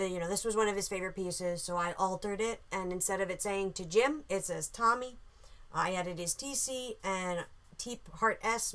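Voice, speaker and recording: A woman chatting casually while she draws on a live stream. She rambles a little and fills pauses with ums and uhs as she works. Her voice sits at an ordinary middle pitch. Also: fairly bright tone. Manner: chatty, scattered, thinking aloud with many fillers. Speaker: artist hosting a live art stream. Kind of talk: casual chat while drawing.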